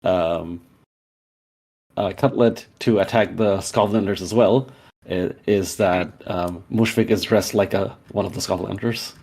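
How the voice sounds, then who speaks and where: A man playing a tabletop game, hesitant and pausing as he plans his moves. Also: low voice, steady tone, darkish tone, breathy edge. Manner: hesitant, many fillers and restarts. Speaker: player. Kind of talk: tabletop role-play chat.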